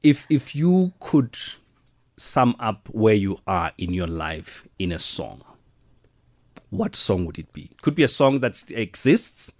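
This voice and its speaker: A man's voice: lowish voice, sing-song, a little slow, dry recording, clean studio sound. A man hosting a radio interview, playful, repeating words and laughing often. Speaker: radio host. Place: radio studio.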